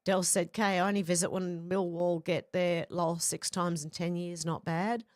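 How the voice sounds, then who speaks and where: Low-voiced woman reading out chat. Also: level tone, moderate pace, dry recording, clean studio sound. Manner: reads comments, then adds brief casual reactions. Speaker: livestream host. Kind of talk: reading viewer chat aloud.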